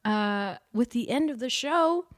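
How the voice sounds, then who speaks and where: A woman with a fairly high, bubbly voice co-hosts a relaxed pop-culture chat. She gushes and laughs freely, with an upbeat, playful delivery. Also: measured pace. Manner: bubbly, laughs often, gushing. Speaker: podcast co-host.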